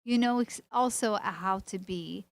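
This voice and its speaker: A woman's voice: mid-range voice, unhurried, creaky, no room sound. A woman co-hosting an interview, talking enthusiastically and rambling through her points. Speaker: co-host. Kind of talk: casual interview chat.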